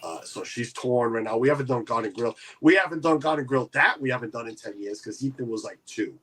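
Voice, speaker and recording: A man's voice: medium pitch, brisk, a bit bright. A man hosting a casual livestream chat, rambling with many restarts. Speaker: livestream host.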